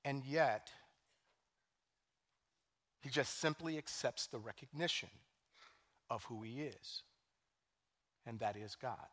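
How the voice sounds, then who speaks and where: A man preaching a sermon as pastor, animated, swinging from hushed scripture quotes to loud emphasis. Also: mid-range voice, slow, long pauses. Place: church sanctuary.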